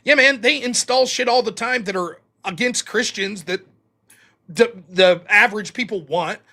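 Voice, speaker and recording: Male host, high and bright voice, animated debate recap with mocking asides. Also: normal speed, creaky. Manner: animated, mocking, quotes opponents in put-on voices.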